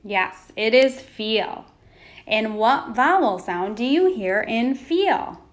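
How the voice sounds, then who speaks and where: Slow, patient woman teaching phonics. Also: a little high, lively intonation. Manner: slow, patient, prompting pauses for answers. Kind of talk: phonics lesson for young children.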